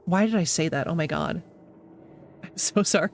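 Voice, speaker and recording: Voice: mid-range voice, moderate pace, slight background noise. A game streamer chatting casually to viewers while playing, laughing often and apologizing a lot. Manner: talks to chat, reacting to the game.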